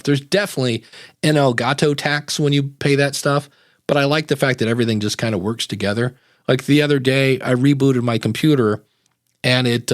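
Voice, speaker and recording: A man's voice: medium pitch, no echo, studio quality. A man hosting a live-streamed podcast, chatty and enthusiastic, telling little stories. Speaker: podcast host. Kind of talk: casual chat.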